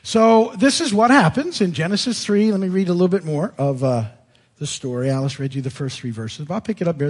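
A man's voice: fairly high pitch, expressive, quick pace, husky. A middle-aged male pastor giving an informal, emphatic sermon. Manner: emphatic, informal, frequent restarts. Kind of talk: conversational sermon teaching.

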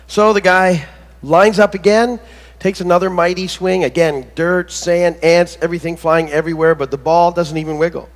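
High-voiced man preaching in an echoing hall. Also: fairly even intonation. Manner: conversational, halting with many fillers and restarts; tells corny jokes between teaching. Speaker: pastor. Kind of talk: sermon. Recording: long reverb of a church hall.

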